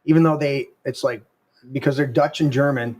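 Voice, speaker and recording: A man's voice: mid-range voice, steady tone, normal speed, a little mellow. A man hosting a podcast in loose, rambling chat, often restarting his sentences. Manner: rambling, restarts often, puts on quoted voices. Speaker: podcast host.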